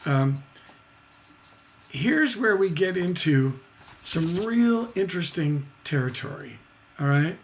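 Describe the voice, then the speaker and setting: A man's voice: on the high side, big pitch swings, takes it slowly, long pauses, a little hiss or hum. A man teaching songwriting on a live stream, chatty and rambling, with many fillers and tag questions.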